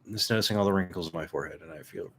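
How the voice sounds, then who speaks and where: A man's voice: low voice, very fast, fairly bright tone, slight background noise. A man in his thirties telling a casual story in a rambling way, with lots of fillers and some swearing. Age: 30s. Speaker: vlogger.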